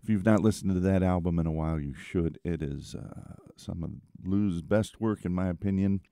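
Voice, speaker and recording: A middle-aged man hosting a radio music show, talking in a laid-back, chatty way with lots of small pauses. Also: low-pitched, dark tone, clear, resonant tone, no echo, studio quality. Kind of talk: casual radio show patter.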